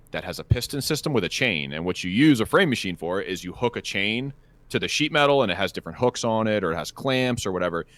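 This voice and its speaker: A man co-hosting a podcast, telling a work story in a casual chat with lots of swearing. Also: deep voice. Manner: profane, animated storytelling. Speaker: podcast co-host.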